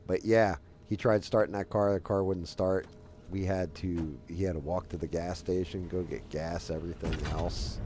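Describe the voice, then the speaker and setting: Man in his forties, deep low voice, casual streamer storytelling, rambling, faint background noise. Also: darkish tone. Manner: rambling, loose, heavy with "like" fillers. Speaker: game streamer. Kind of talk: casual storytelling while gaming.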